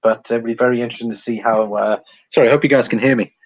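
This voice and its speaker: A man's voice: medium pitch, fairly even intonation, very fast, muffled recording. A man from England hosting a precious metals livestream, chatting casually with many ums and reading out viewer comments. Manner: rambling, many ums, chuckles often.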